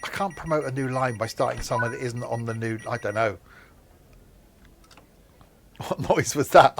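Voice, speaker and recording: A man's voice: mid-range voice, steady tone, fast, hardly any pauses. A man chatting casually while streaming a train simulator, rambling off into asides. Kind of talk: casual gameplay commentary.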